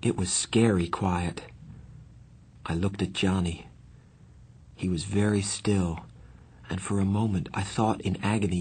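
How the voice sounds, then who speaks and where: A man narrates a novel in the first person in a measured, earnest way. His voice sits low. It carries a husky, slightly breathy texture. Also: steady tone, a little mellow. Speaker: audiobook narrator.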